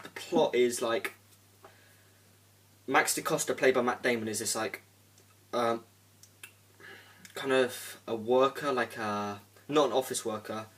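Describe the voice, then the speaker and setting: The voice sits at an ordinary middle pitch, and the mic is set a little back from him. A young man talks through a film review in a loose, rambling way, filling gaps with "um" and "like" and swearing now and then. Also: fairly bright tone. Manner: rambling, full of "um" and "like", casual swearing. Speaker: movie reviewer. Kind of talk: casual spoken film review. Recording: voice a bit distant from the mic.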